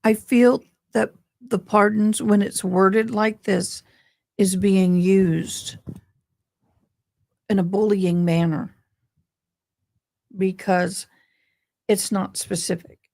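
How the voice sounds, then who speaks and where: Tired woman rambling on a livestream, slow and kinda gravelly, lots of ums. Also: mid-range voice, fairly even intonation, darkish tone. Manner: slow, meandering, with frequent ums. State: tired and grieving. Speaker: livestream host. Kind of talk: casual livestream chat.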